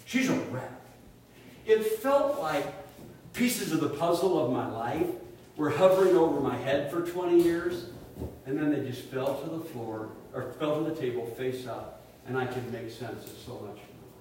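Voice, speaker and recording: A middle-aged man preaching a sermon and telling a personal story, animated, dropping to hushed tones when he quotes family. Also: fairly high pitch, normal speed. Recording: echoey room, speaker far from mic, faint hiss.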